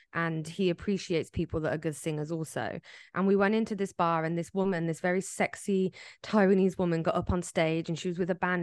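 A chatty podcast co-host tells animated stories in casual conversation, acting out quoted dialogue. Her fairly low voice comes through clean studio sound with no room noise.

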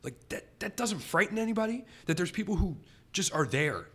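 A man hosting a podcast in casual chat, talking in animated, rambling, emphatic runs. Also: high voice, normal speed, husky. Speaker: podcast host.

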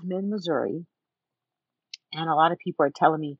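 Animated woman telling her story, lo-fi. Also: sits low, a little fast, long pauses, no echo. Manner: emphatic, animated, acts out other people's words. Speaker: interview guest. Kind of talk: personal storytelling in an interview.

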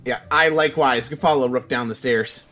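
A man's voice: mid-range voice, normal speed, bright, forceful tone, soft background music. A man playing a tabletop game in character, speaking politely and a little hesitantly. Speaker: player.

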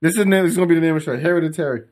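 A man's voice: on the high side, rapid-fire, a little mellow, slight background noise. A man hosting a casual podcast, stumbling over words and laughing at himself a lot. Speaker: podcast host. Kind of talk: casual joking chat.

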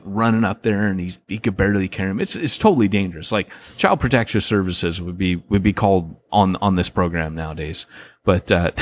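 A man co-hosting a casual podcast, rambling through points and acting out quotes with lots of laughs. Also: sits low. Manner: animated storyteller, acts out quotes, laughs often; rambling, many restarts and fillers. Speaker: podcast co-host.

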